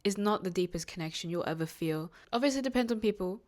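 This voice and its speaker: A woman's voice: medium pitch, animated, fast. A nineteen-year-old woman hosting a solo podcast, talking in a rambling, heartfelt way with lots of fillers and restarts. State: near tears at moments, emotional. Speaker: podcast host. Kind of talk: casual solo podcast monologue.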